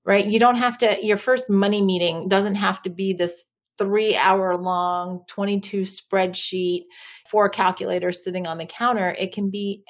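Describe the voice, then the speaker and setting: A woman's voice: mid-range voice, fairly even intonation, moderate pace, dull audio. A woman in her forties, a marriage coach and podcast guest, telling personal stories candidly with many fillers. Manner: candid, uses many fillers like "you know". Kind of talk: podcast interview storytelling.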